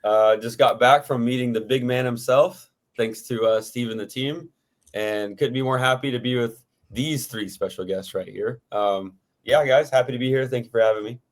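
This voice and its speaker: A man's voice: medium pitch, moderate pace. A man talking casually as a podcast guest, rambling with many fillers. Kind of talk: casual chat.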